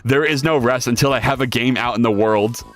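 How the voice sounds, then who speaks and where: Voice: mid-range voice, a little fast, soft background music. A streamer and game developer chatting casually during a live 3D modeling session, joking and reading chat messages aloud, often restarting sentences. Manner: chatty, jokey, reads chat aloud and answers it; rambling with frequent restarts and repeated words.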